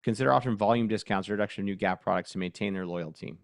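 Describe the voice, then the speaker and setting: A man presenting a casual live workshop demo. He thinks aloud, gets excitable and laughs often. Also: lowish voice, rapid-fire, vocal fry, no room sound, studio quality.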